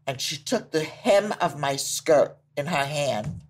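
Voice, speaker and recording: An older woman and grandmother telling family stories with a lively, laughing delivery and acted-out quotes. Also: deep voice, a little slow. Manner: lively storyteller who laughs easily and acts out quotes. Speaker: grandmother interviewed by her grandson. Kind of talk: family storytelling.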